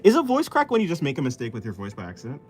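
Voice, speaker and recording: A man's voice: wildly swooping pitch, rapid-fire, a little mellow, soft background music. Casual art streamer, a man from the US East Coast, playful and goofy with swooping intonation. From East Coast of the United States. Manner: playful and jokey, slips into silly squeaky voices. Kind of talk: casual chat with livestream viewers while drawing.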